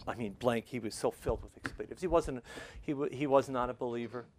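A man preaching to a congregation, shifting between quiet, intimate stretches and loud, fervent passages, closing in prayer. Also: medium pitch, fairly even intonation, a little fast, a little hiss or hum. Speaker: pastor. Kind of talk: sermon.

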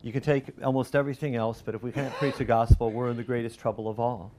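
A middle-aged man preaching a sermon as pastor, rising loud and animated through lists and quoted cries. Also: medium pitch, quick pace, a little hiss or hum.

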